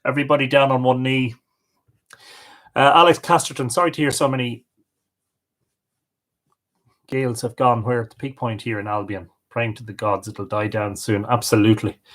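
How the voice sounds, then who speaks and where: A man's voice: medium pitch, fairly even intonation, normal speed, pauses often, a bit bright. Chatty Irish man hosting a livestream. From Ireland. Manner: chatty, reads viewer comments aloud. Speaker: livestream host. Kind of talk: casual live-stream greetings.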